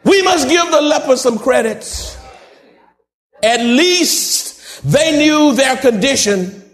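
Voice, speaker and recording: A male pastor, preaching a sermon that swells into shouts and drawn-out emphasis. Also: very high-pitched, lively intonation. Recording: echoey room.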